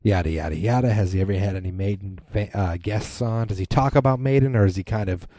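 Talking fast with hardly any pauses, this man hosts a casual solo podcast in a lowish voice with a dark tone. He rambles, restarting often and leaning on fillers. The recording is dry.

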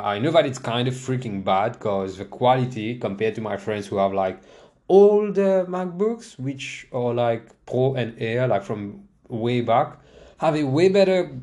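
A slightly mellow, medium-pitched male voice belongs to a young podcast host talking alone from a chair at home. He rambles in a casual way, makes fun of himself, and frequently laughs and starts over, speaking into a desk microphone.

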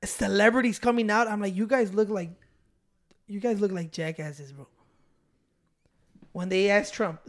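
Podcast co-host, a man, fairly high voice, heated rant. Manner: heated, ranting, swears often. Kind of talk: casual profane chat.

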